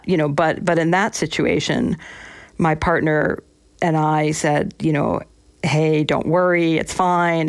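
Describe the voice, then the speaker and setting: Ex-officer guest, gravelly mid-pitched voice, dry close mic, reflective storytelling. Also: no room sound. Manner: reflective, frequent restarts and asides. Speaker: former police officer, guest. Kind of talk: interview storytelling.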